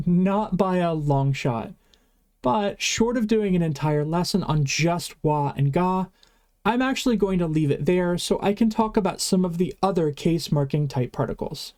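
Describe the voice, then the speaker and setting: A mellow-toned online language teacher explaining grammar in a casual, chatty way. They ramble now and then and trip over words before correcting themselves. The pitch sits at an ordinary middle level.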